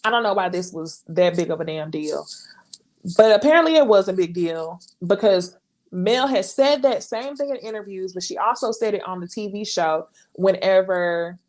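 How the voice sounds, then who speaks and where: Woman, live recap host, casual commentary, exasperated, chatty, mid pitch. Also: lively intonation, moderate pace. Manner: chatty, exasperated, addresses viewers as y'all; breaks into laughter and brief mimicry of others.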